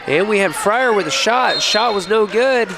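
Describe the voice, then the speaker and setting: Fast-calling male play-by-play announcer. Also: high voice, lively intonation, vocal fry, a crowd in the background. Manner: brisk, calls each play as it happens, laughs easily. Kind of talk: live basketball play-by-play commentary. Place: high school gym broadcast table. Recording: noisy gym with ball bounces behind.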